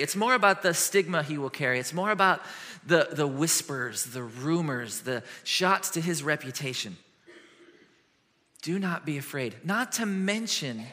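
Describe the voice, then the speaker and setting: Bright-voiced male pastor preaching in a hall. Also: on the high side. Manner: animated, shifts from lively to hushed and earnest. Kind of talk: sermon. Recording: long hall reverb.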